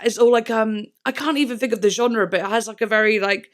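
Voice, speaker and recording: A woman with a fairly high voice reacts to an album in a loose, chatty way. She rambles, piles up filler words and hums snippets of the songs as she goes. Quiet music plays faintly behind her. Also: quick pace, hardly any pauses. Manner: excitable, hums and mimics song parts. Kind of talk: casual reaction commentary.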